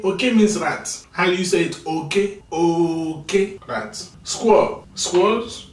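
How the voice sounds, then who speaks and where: A tired man teaching vocabulary in a casual video lesson, repeating each word slowly for pronunciation and chatting between drills. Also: high-pitched, recorded from a distance. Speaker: language teacher. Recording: echoey room, mic set back.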